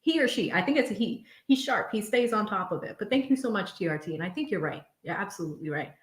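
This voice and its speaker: A woman's voice: mid-range voice, lively intonation, quick pace, roomy sound. A young woman hosting a casual live stream from home, chatting expressively and often laughing as she reads viewer messages aloud. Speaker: livestream host reading viewer super chats.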